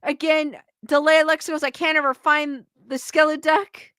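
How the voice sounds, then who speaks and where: Reading out chat names and comments, a giggly young livestream host keeps up casual conversation in a high, slightly bright voice. Her tone is level and her pace moderate, in a dry, studio-quality recording.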